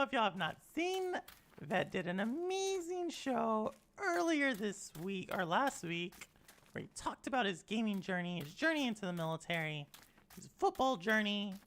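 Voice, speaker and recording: A woman's voice: mid-range voice, fairly bright tone. A woman streaming a video game, rambling casually, saying "like" a lot and teasing her chat. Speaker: gaming streamer.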